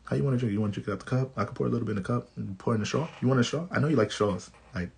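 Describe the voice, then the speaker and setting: A man voicing an overly affectionate boyfriend who coddles his partner in a soft, sweet voice. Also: mid-range voice, racing, vocal fry, husky. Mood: doting. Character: doting, overly mushy boyfriend.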